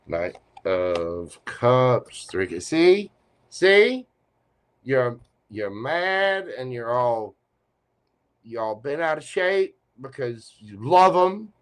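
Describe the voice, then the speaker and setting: Male tarot reader, playful and teasing, slow and animated. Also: medium pitch, clear, resonant tone. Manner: teasing, playful, talks straight to the listener. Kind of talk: live tarot reading stream.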